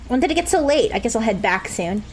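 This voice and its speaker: A woman reading the lines of a gentle young woman in a dating game, a little lower and softer than her own talk. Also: big pitch swings, fast, slight background noise.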